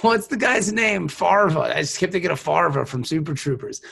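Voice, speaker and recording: A man co-hosting a podcast in casual chat, quick to riff and throw in jokes. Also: sits high, animated, creaky, fairly bright tone, husky. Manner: jokey, quick to riff and do bits. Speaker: podcast co-host.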